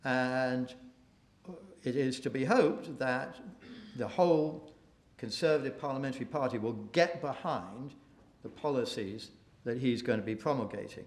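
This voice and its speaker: A man speaking at a policy briefing event, halting often with restarts and fillers, mocking opposing views. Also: medium pitch. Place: event room. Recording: echoey room.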